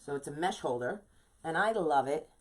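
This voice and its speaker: This craft shop owner, a New York-accented woman, runs a casual live wreath-making tutorial and talks with her viewers, often saying "you know." Her low voice is animated at a moderate pace, and the low-quality recording carries slight background noise.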